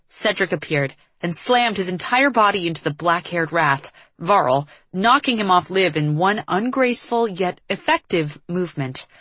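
Measured woman reading a dark story. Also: on the low side, dry recording, poor audio. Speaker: audiobook narrator. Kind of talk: scripted narration.

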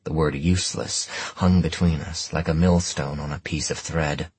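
Husky, deep-voiced man as first-person audiobook narrator, dry close mic. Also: steady tone, normal speed, a little mellow, no room sound.

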